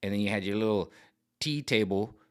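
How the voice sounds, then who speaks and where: A man ranting comedically to camera, rambling and animated, jumping in and out of voices. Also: lowish voice, brisk. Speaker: vlogger. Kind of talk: comedic rant.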